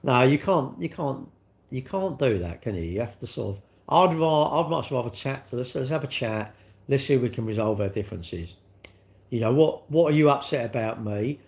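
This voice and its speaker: A man's voice: medium pitch, expressive, normal speed, creaky, a little mellow. A middle-aged British man chatting on a livestream, rambling casually and acting out little back-and-forth dialogues. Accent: British English. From United Kingdom. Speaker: livestream host.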